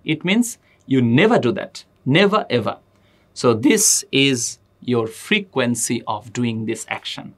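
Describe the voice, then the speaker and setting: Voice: mid-range voice, big pitch swings, unhurried. A teacher giving a grammar lesson, addressing students directly and repeating example sentences with emphasis. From Bangladesh. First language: Bengali.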